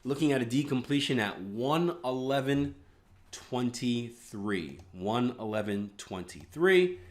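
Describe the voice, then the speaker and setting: A man's voice: medium pitch, animated, measured pace. A man hosting a live trading room, analyzing charts in a casual, chatty way with rambling asides.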